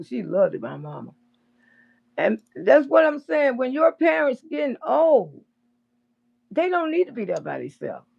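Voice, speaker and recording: Lady ranting on her livestream, real high and raspy-fried, swears a lot, cackles loud. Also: dull audio. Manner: blunt, profane, laughs loudly. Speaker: livestream commentator. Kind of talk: casual livestream commentary.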